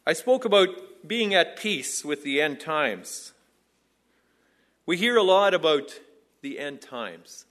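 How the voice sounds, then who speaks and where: Earnest male preacher, slightly high voice. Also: pushed and bright. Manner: earnest, measured, repetitive phrasing. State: out of breath. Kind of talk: sermon.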